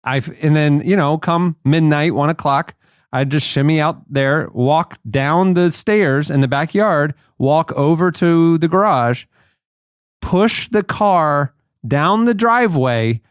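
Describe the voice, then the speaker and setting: A male podcast co-host in casual chat, telling animated anecdotes. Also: on the high side, takes it slowly, clear, resonant tone, no room sound, studio quality. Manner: animated anecdotes, laughs often.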